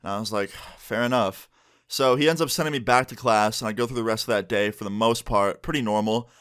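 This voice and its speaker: A man's voice: lowish voice, fast, fairly bright tone, clean tone. A young man telling a personal story in a casual storytime vlog, chatty and conversational. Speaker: YouTuber and streamer.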